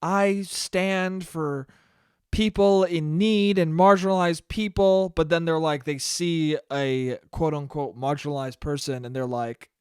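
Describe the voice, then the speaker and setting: High-voiced man, animated and profane. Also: unhurried, smooth, no echo, studio quality. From American suburbs. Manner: animated storytelling, heavy swearing, frequent laughing asides. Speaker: podcast host. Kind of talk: casual solo podcast monologue.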